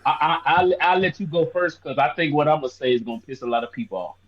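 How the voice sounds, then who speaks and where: A man in his thirties co-hosting a sports podcast, joking loudly and swearing in casual banter. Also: a little high, quick pace, dull audio. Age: 30s. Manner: loud, animated, swearing banter. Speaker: podcast co-host.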